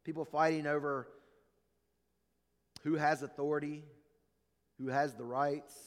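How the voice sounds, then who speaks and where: A higher-pitched male preacher delivers a sermon in a church, and his voice rings out in a long hall reverb. He tells stories with animated quoted lines and then sinks low and soft for emphasis. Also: unhurried. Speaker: pastor.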